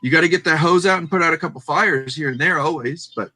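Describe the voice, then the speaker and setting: A man's voice: fairly high pitch, fast, pushed and bright. A man chatting earnestly on a live stream, rambling with many fillers. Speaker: guest reseller. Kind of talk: casual live-stream chat.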